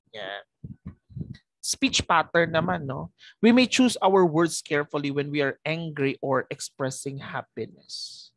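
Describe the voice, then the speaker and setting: A man's voice: a little high, a bit bright, dry recording, rough recording. Filipino man lecturing, often asking "no?". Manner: mixes Tagalog and English, frequent "no?" tag questions, chuckles often. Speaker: teacher. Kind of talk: recorded lecture.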